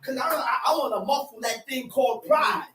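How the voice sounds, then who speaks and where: A man preaching in a high, strained voice, shouting his points and repeating them for the gathering. He keeps prodding the room for answers. The voice bounces around an echoey room, caught from well back from the mic. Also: fairly quick, far from the mic. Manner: shouting and animated, repeats phrases, prods the room with "huh?". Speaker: teacher at a religious assembly. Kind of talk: impassioned scripture teaching.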